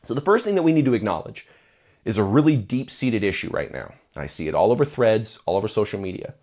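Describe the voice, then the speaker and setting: A man's voice: lowish voice, big pitch swings, fast, a little mellow. A man coaching musicians on their careers in casual advice talk to camera. He jokes and acts out quoted voices.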